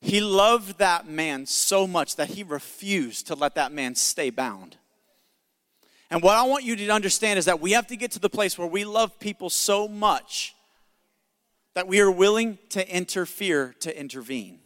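A man's voice: high voice, expressive, measured pace, a bit bright, in a large hall. A male pastor preaching a sermon in an emphatic, conversational way with jokes.

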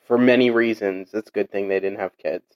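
A man's voice: lowish voice, fairly even intonation, a little fast, highs cut off. A young man chatting casually, rambling with lots of fillers and restarts. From Portuguese heritage. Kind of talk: casual chat.

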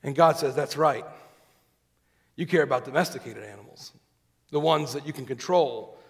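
A man's voice: on the high side, creaky, a bit bright. A man preaching a sermon to a congregation, reading scripture aloud and putting questions to the listeners. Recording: long hall reverb.

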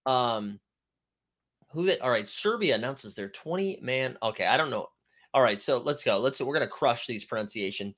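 A man's voice: mid-range voice, lively intonation, moderate pace, fairly bright tone. A young man hosting a casual live-stream chat, rambling with jokey, self-mocking asides. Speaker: podcast host.

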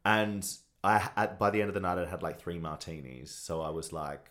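Deep-voiced Australian man, gushing storyteller. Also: normal speed, fairly bright tone. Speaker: guest, TV host and sportscaster. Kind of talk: casual chat.

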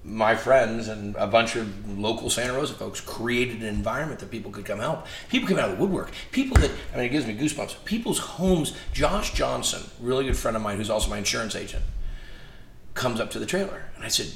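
In an echoey room carrying faint noise, a male interview guest with a mid-range voice tells casual stories a little fast. He's an animated storyteller who acts out the dialogue he quotes.

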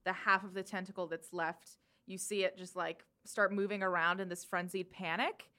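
A woman's voice: fairly low pitch, level tone, normal speed, pushed and bright. A woman narrating as game master in a tabletop role-playing session, casual and full of fillers. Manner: casual, laid-back narration with many fillers.

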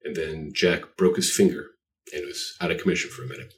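Low-voiced man rambling, a bit off-mic. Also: fairly even intonation, brisk, far from the mic. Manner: rambling and self-deprecating, with many fillers. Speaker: artist guest. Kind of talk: casual interview chat.

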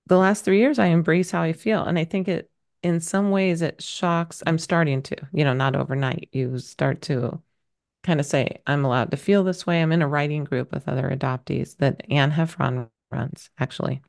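A woman's voice: sits low, normal speed, creaky, darkish tone. A middle-aged woman talking as a podcast guest, telling a personal story candidly, rambling a little with many fillers. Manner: emotional, rambling, lots of fillers.

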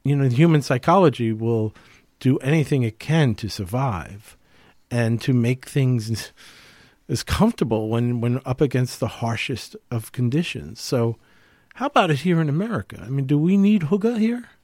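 A man's voice: medium pitch, animated, normal speed, a little mellow, no room sound, studio quality. A man co-hosting a casual podcast, musing aloud with many fillers and rhetorical questions. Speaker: podcast co-host.

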